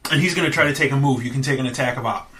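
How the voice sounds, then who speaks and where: A man's voice: rapid-fire, very noisy. A man narrating as dungeon master of a tabletop game, playful and casual. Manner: playful, puts on squeaky goblin voices.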